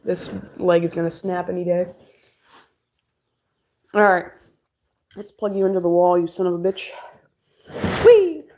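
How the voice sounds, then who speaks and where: A woman's voice: on the low side, little pitch movement, moderate pace, long pauses, a little mellow. A young woman streaming while she crafts, rambling and joking with her chat and laughing often, at home. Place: at home, moving furniture.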